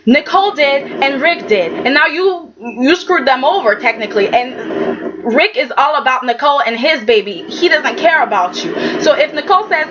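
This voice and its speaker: A woman casually recapping a soap opera episode in a chatty, sassy way, with animated asides. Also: high-pitched, moderate pace. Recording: muffled, loud background noise.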